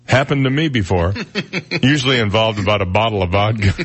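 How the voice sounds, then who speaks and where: A man's voice: medium pitch, fairly bright tone, breathy edge. A man hosting a radio talk show in a studio, chatting casually and chuckling at his own jokes. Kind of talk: casual on-air chat. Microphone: studio microphone.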